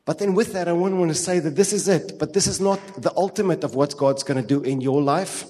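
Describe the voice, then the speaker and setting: A male pastor with a South African accent preaching a sermon with fervent, repetitive phrasing and quick asides. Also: a little high, mellow. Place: church hall. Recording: long reverb of a church hall.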